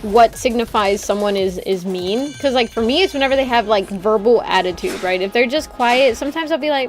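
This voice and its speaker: A woman's voice: fairly high pitch, fairly quick, hardly any pauses, faint music behind. A woman streamer chatting casually while gaming, ranting with swearing and laughs.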